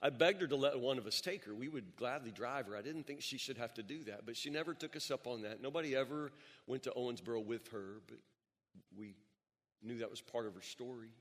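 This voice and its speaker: Pastor guy preaching a sermon, medium pitch, big echoey church hall, tells a story and stumbles over a word now and then. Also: brisk. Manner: storytelling, with repeated words and emphatic rises. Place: church sanctuary. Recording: long reverb of a large hall.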